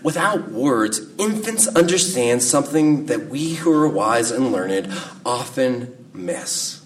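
A man in his thirties preaching a sermon in a slow, measured way, letting his phrases fall soft at the ends. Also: mid-range voice, expressive, slight background noise. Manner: slow, measured delivery with soft dropping endings. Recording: distant mic with faint room ambience.

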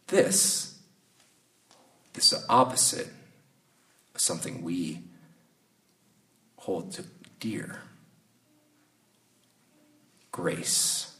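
A man, preaching a sermon in a conversational, reflective way, sometimes pausing and restarting his sentences. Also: mid-range voice, a bit bright. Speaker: pastor. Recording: voice a bit distant from the mic.

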